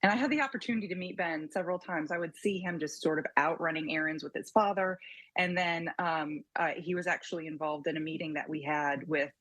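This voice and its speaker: A woman's voice: lowish voice, fairly quick, a bit bright, no echo, low-quality recording. A woman speaking as a panelist on a local TV news discussion, earnest and talking with restarts. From Tennessee. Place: TV studio.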